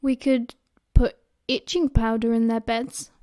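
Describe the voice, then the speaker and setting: A woman's voice: fairly high pitch, flat delivery, a little slow, dark tone, dry recording, studio quality, lightly acted. A woman with a British accent voicing a guarded, moody schoolboy who talks curtly. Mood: sullen.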